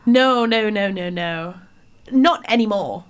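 A woman's voice: mid-range voice, slow pace. A young woman from the far north of England with a northern accent, co-hosting a loose, chatty conversation. She is playful and reads out bits of local news with mock drama. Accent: Northern English. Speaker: co-host. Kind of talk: casual chat.

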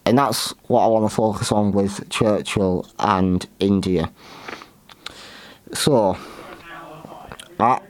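A man hosting a show, talking through history in a halting way with many restarts and fillers. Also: fairly low pitch, fairly even intonation. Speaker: podcast host. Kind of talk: unscripted history commentary.

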